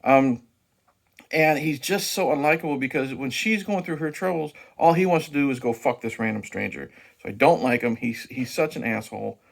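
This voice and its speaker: A man's voice: mid-range voice, moderate pace, vocal fry. A man hosting his own movie review channel, talking casually and profanely with frequent restarts and fillers.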